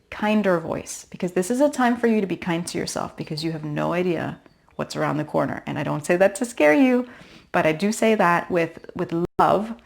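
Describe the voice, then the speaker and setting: A woman's voice: on the low side, vocal fry. A woman in her thirties talking straight to camera, giving earnest, encouraging advice to expectant mothers as a pregnancy coach. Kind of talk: direct-to-camera advice talk.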